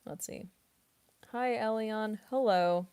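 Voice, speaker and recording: A young woman voice actress casually answering chat questions on a stream, relaxed and rambling with many fillers, snacking as she talks. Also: medium pitch, slow pace, smooth. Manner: relaxed and rambling, many fillers, laughs often, eating while talking.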